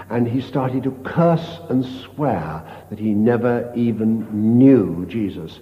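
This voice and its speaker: An older man, a priest, giving a retreat meditation as a slow, storytelling sermon with hushed quoted lines. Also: mid-range voice, lively intonation. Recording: dull lo-fi tape in a reverberant hall.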